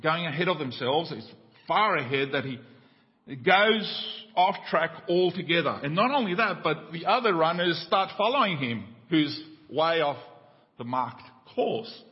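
Aussie pastor guy preaching, kinda high voice, long church echo, muffled recording. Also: lively intonation, measured pace. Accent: Australian. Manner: preaching with a joke, voices climbing high in the tale. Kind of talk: sermon.

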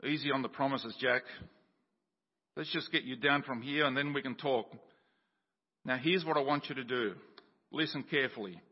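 A preacher voicing God as a calm, patient figure, giving gentle, unhurried instructions. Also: male voice, mid-range voice, husky. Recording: dull sound with long church reverb.

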